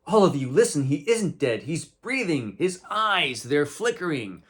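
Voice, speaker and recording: A man's voice: a little high, big pitch swings, measured pace, fairly bright tone, husky, pitched above the performer's own voice, heavily acted. An urgent little female superhero out of a comic book, as a man puts her on. Her voice lifts slightly and hurries along.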